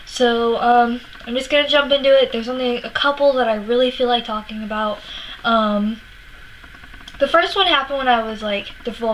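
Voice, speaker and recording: A woman's voice: a little high, a bit bright, a little hiss or hum, poor audio. A young woman telling personal stories in a casual vlog, rambling with fillers and restarts, upset and tearful. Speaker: vlogger.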